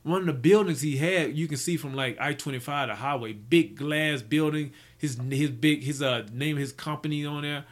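A man rambles casually through stories from his business life, full of restarts and fillers. His voice is on the high side, at normal speed, with hardly any pauses.

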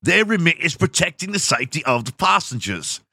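A man's voice: fairly high pitch, big pitch swings, a little fast, gravelly, pushed and bright, no echo, studio quality, pitched above the performer's own voice, full character voice. A man putting on a mock British accent to voice a stiff, scandalized airline spokesman. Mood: indignant.

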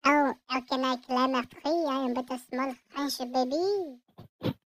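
A player voicing a dramatic small French baby in a mock French accent with French words thrown in, through a pitched-up childlike voice. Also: fairly even intonation, unhurried, a bit bright, slight background noise, low-quality recording. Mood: earnest.

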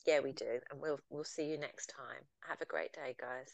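A woman's voice: rumbling low, steady tone, normal speed, creaky, dry recording. A woman co-hosting a podcast in easy, agreeable casual chat. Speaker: podcast co-host.

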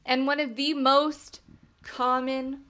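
Blunt, higher-voiced woman podcaster. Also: flat delivery, takes it slowly, bright, forceful tone, clean tone. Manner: blunt, swears freely. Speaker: podcast co-host. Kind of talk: casual chat.

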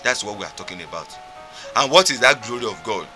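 A man's voice: fairly low pitch, animated, fast talker, bright, forceful tone, faint music behind. A man with a Nigerian accent preaching a sermon, fervent and emphatic, repeating his points.

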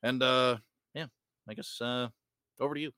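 A man's voice: medium pitch, steady tone, moderate pace, pushed and bright, clean tone, dry recording. A man co-hosting a podcast in casual chat, rambling with lots of "you know" fillers. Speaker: podcast co-host.

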